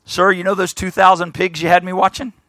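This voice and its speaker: A man's voice: sits high, flat delivery, brisk, sharp tone, no echo, studio quality. A man preaching, voicing a nervous male herdsman who hesitantly and politely tells his master bad news. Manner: hesitant, polite, keeps saying sir.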